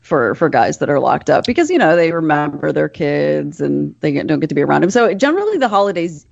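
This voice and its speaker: A woman's voice: deep voice, sing-song, fairly quick, gravelly, darkish tone, no room sound, highs cut off. A woman, a forensic psychologist and podcast co-host, telling stories in casual chat and laughing easily. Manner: chatty storyteller, laughs easily.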